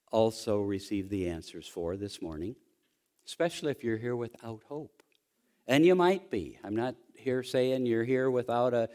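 A man preaching a sermon, telling a story quietly and then rising into loud, excited preaching. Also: lowish voice. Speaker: pastor.

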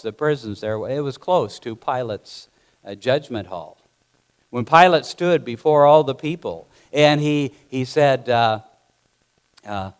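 A man's voice: mid-range voice, animated, measured pace. A man preaching a sermon, telling the story dramatically and acting out the scenes himself.

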